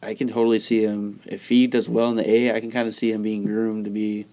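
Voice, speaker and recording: Gravelly low-voiced podcast guy. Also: level tone, brisk. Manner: thinks out loud, trailing hedges. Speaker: podcast co-host. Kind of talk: casual sports chat.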